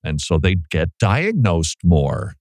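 A man's voice: low voice, big pitch swings, takes it slowly, a little mellow, no echo. A man hosting a radio talk show, commenting on played clips with sarcastic, joking asides. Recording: dry studio sound.

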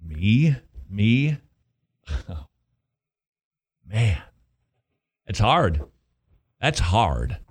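A man's voice: on the low side, sing-song, very slow, long pauses, husky. A man hosting a Christian talk show, emphatic and preachy with a teasing edge. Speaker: host.

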